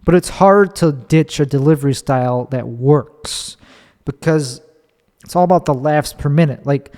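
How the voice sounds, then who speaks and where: A slightly high-pitched man in his thirties from Chicago talks on his own podcast with a loose, rambling candor, swearing freely and restarting sentences as he goes. His voice carries a long, reverberant hall echo. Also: a little slow, a little mellow. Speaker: podcast host and stand-up comedian. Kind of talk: casual solo storytelling.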